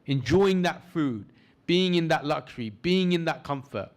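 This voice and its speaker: A man leading a training course, lecturing a class, asking the audience questions and slowing down for emphasis as he guides them through an imagined scene. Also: a little high. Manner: lively teaching, asks the audience questions; slows down for emphasis in guided imagery. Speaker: course instructor.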